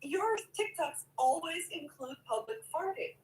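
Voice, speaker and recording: A woman's voice: very high voice, expressive, measured pace, low-quality recording. A woman in casual livestream chat, teasing her co-host and giving blunt relationship advice.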